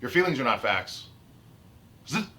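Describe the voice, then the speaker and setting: A man's voice: mid-range voice, big pitch swings, unhurried, sharp tone. A man ranting about his autism in an unscripted vlog, heated and emphatic, repeating and restarting his phrases. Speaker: autistic vlogger. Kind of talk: unscripted rant to camera.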